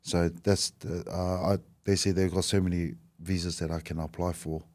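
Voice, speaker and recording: A man's voice: deep voice, level tone, normal speed, darkish tone. A man in his thirties with a New Zealand accent, telling a story in casual chat as a podcast guest and acting out both sides of the talk, calling people bro. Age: 30s. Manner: acts out dialogue, says bro a lot.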